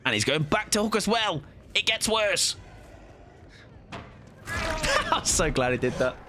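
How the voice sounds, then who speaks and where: A man's voice: sits high, animated, normal speed, background noise. A young man casually commenting on his live gameplay, joking, swearing and taunting in mock-villain fashion. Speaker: streamer.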